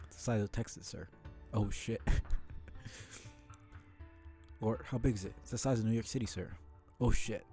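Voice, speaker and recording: Male reader as sardonic teen boy, rambling and cocky, low warm voice. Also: fairly quick, faint music behind, natural voice. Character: laid-back sardonic teenage boy who rambles.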